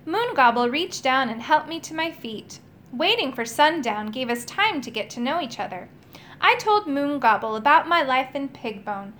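A woman reads a storybook aloud in a high, bright voice. Her delivery is animated and expressive, swooping widely in pitch, with faint room ambience behind her. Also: normal speed, a little hiss or hum. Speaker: audiobook reader.

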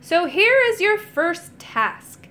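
A woman's voice: extremely high pitch, big pitch swings, slow, sharp tone, pitched above the performer's own voice, full character voice. A woman doing a pompous sneering wizard official. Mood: stern, commanding. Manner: haughty, barking orders. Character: pompous, sneering older male magician official.

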